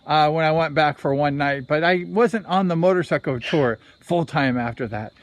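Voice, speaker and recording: Male former racer, casual vlog storyteller, slightly high-pitched, rambling and conversational. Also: normal speed, hardly any pauses, no echo. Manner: rambling, conversational, self-correcting. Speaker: former motorcycle speedway racer.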